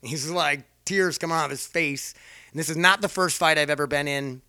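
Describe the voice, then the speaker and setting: A man's voice: on the high side, fairly quick, pushed and bright, clean tone, dry recording, clean studio sound. A man casually telling a rambling personal story, swearing freely and poking fun at himself. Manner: profane, rambling, self-mocking.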